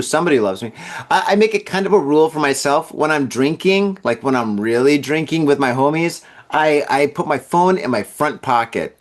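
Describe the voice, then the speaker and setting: A man hosting a podcast, reading odd news stories and riffing on them with joking asides. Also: fairly high pitch. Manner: reads headlines then riffs with laughing asides. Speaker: podcast host. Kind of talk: jokey news commentary podcast.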